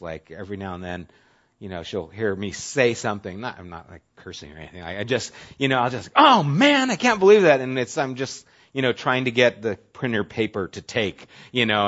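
A male pastor preaching a sermon in a casual, conversational way, sometimes dropping to a soft, low voice for emphasis. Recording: dull lo-fi audio.

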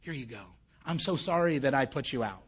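A man puts on a male God who sarcastically coddles a sulker. The voice drops lower and quieter than his preaching, soft and placating. The recording sounds dull and lo-fi. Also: expressive, fairly quick, breathy edge. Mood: sarcastic.

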